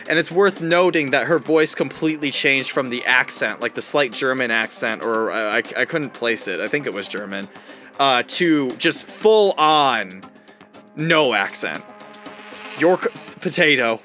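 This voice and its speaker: A man's voice: medium pitch, unhurried, soft background music. A man streaming a visual novel, reacting and joking aloud between lines of dialogue. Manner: animated, reacts and jokes aloud. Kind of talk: let's play commentary.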